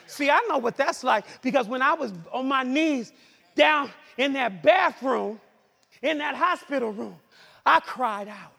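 Male preacher, very high and slow, fiery sermon delivery, reverberant hall. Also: vocal fry. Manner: shouting, cries out, swings from loud to hushed.

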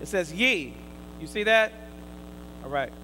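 A man preaching a sermon, quizzing his listeners in call and response, swinging from loud emphatic bursts to quiet asides. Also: high voice, lively intonation, a little slow, a little hiss or hum, low-quality recording.

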